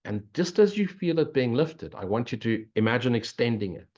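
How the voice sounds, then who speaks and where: A man's voice: mid-range voice, very animated, a little fast, a little mellow. An older man giving an earnest, preachy spiritual talk, answering questions and dropping in blunt swearing. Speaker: spiritual teacher. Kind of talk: spiritual Q&A monologue. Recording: dull lo-fi recording.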